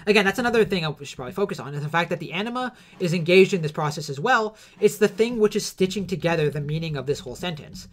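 A man lectures without a script, fairly high-pitched for a man. He hesitates and restarts his sentences often, with fillers throughout. A slight cough hangs on his voice. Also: expressive, fast talker, few pauses. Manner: hesitant, many fillers and self-corrections. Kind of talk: unscripted explanatory lecture.

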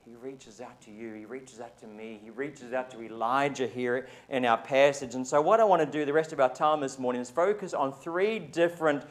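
New Zealand pastor preaching conversationally. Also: male voice, medium pitch, moderate pace, few pauses. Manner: conversational, often asks the congregation "right?". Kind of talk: sermon. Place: church service.

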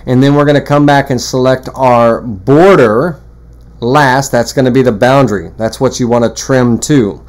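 A man walking through a woodworking software tutorial in a casual, rambling way, full of fillers and restarts. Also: mid-range voice, normal speed. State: has the hiccups. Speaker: CNC woodworking instructor. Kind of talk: screen-recorded software tutorial.

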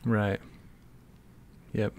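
A man hosting a podcast interview, calm and curious, answering with short affirmations. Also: very slow, a little hiss or hum. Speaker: podcast host.

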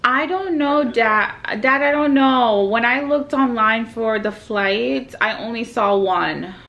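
There's a little hiss or hum behind this young woman's fairly high, fairly bright voice. Vlogging from a hotel room, she shares a story with family on a phone video call, chatty and casual, with quick laughs along the way.

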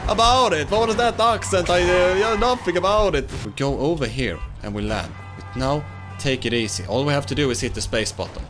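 A young man giving excitable let's-play commentary, laughing and shouting at wins and fails. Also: mid-range voice, fairly quick, music in the background. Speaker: gaming YouTuber.

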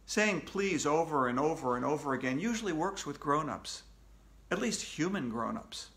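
A man's voice: normal speed, vocal fry. Man reading a children's book aloud, echoey room. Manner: animated, raises pitch for character voices. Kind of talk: read-aloud storytelling.

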